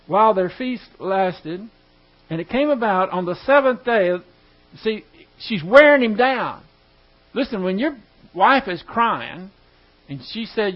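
Male preacher, high voice, folksy joking Bible teaching; muffled lo-fi recording with hum. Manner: chatty, joking asides, reads scripture aloud. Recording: dull lo-fi recording with mains hum.

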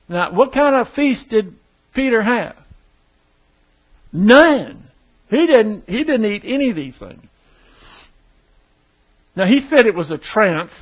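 A man's voice: high voice, very animated, unhurried, dull audio. A man preaching a sermon. He reads verses aloud and explains them in plain, conversational asides.

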